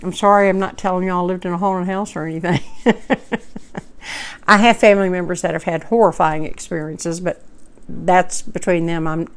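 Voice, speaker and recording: Woman in her 50s, folksy vlogger with a smooth, clear tone. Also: fairly low pitch. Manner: heartfelt, rambling, folksy. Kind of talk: personal storytelling to camera.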